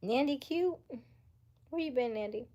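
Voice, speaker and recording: A woman from the United States hosting a casual late-night livestream, chatting with viewers, reading their comments and dropping into soft whispers. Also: high-pitched, animated, measured pace. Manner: chatty, laughs often, reads viewer comments aloud; drops into soft whispers between remarks. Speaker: livestream host.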